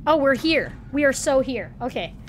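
A woman's voice: high-pitched, big pitch swings, normal speed, a little hiss or hum. A woman streaming a horror game, talking to her chat and swearing in flustered bursts as she gets lost and scared. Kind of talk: live gameplay commentary.

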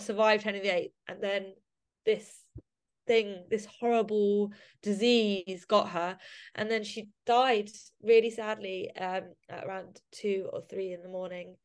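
A woman's voice: medium pitch, steady tone, measured pace, darkish tone. Emotional rambling woman guest. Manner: emotional, rambling with many fillers. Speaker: podcast guest, society member. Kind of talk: casual podcast interview.

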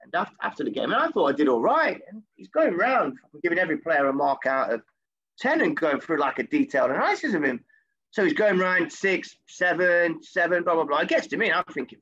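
Gravelly, husky man, former footballer, animated and sweary anecdote on a dull lo-fi recording. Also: on the high side, fast talker. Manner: animated, swears freely, voice jumps up when quoting himself. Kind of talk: casual storytelling anecdote.

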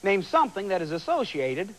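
A man hosting a television game show, bantering and teasing contestants in a lively way. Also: high voice, a little fast. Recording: old broadcast tape with loud audience and noise. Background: loud studio audience.

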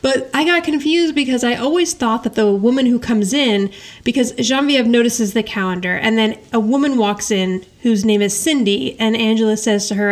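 Woman, podcast co-host, casual recap chat, slightly high pitch, laughs often. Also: normal speed. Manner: animated, quotes characters in paraphrase, laughs often.

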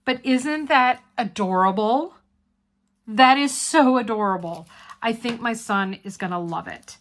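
Woman, craft vlog host, slow unhurried talk, gushing, chatty with viewers. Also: fairly high pitch, fairly bright tone. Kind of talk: casual unboxing vlog.

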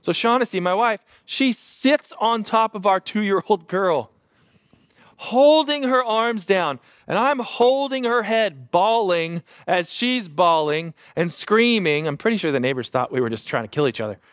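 A man in his thirties, a pastor preaching a sermon and telling a lively family story with self-deprecating humor. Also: sits high, a little slow, dry recording, studio quality.

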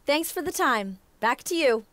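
An actress voicing a backstage interviewer in a wrestling video game, with brisk presenter lines. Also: female voice, sits high, lively intonation, a bit bright, dry recording. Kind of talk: scripted TV-style interview lines.

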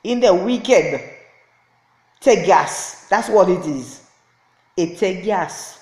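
A woman's voice: on the low side, expressive, drawn-out words, a little mellow, roomy sound. A woman speaking as a self-styled prophetess in an impassioned, repetitive rant to camera, laughing in anger. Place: indoors, lying on a floor.

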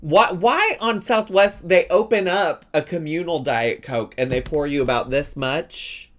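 A man commentating casually over a cooking video, chatty and swearing with sudden excited outbursts. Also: a little high, measured pace. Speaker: host reacting to a cooking video.

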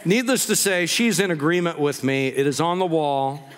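A male pastor preaching a sermon, telling jokey personal stories in a relaxed conversational way. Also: a little high, normal speed, in a large hall, background noise. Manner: conversational storytelling with jokes. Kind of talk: humorous sermon. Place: church sanctuary.

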